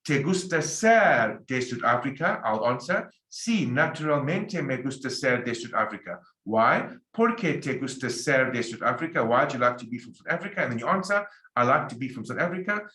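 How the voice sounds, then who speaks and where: A man teaching a Spanish lecture, drilling example sentences slowly and emphatically. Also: medium pitch, big pitch swings, bright, forceful tone. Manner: slow, emphatic drilling with repeated example phrases. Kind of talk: recorded language lecture. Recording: echoey room.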